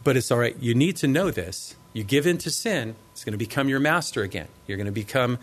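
A man delivers a conversational, teaching-style sermon at a middle pitch. He explains scripture plainly and keeps checking in with rhetorical tag questions like a pastor walking through a passage. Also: expressive, a little fast. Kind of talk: expository sermon.

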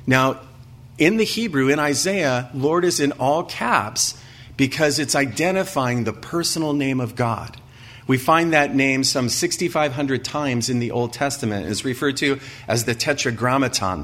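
A man preaching an expository sermon at a middle pitch. He reads passages aloud with rising emphasis, then asks his congregation rhetorical questions and answers them himself. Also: fairly bright tone. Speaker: pastor. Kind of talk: sermon, expository Bible teaching.

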